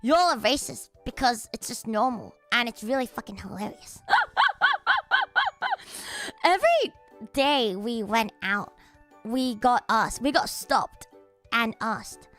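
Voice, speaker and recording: A young woman streaming, telling stories in a chatty, animated way and laughing loudly and often. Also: a little high, slow, pauses often, faint music behind. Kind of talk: casual chat stream.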